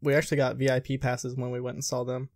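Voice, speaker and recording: A man hosting a casual podcast, mid-pitched and unhurried. He rambles between stories and drops crude jokes. The sound is dry and close with no room echo. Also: monotone. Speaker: podcast host. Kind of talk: casual chat.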